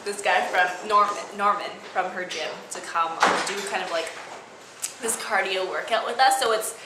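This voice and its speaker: A woman's voice: medium pitch, normal speed. A young woman chatting casually with a classmate in a vlog, bubbly and talkative. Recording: echoey room with steady background noise.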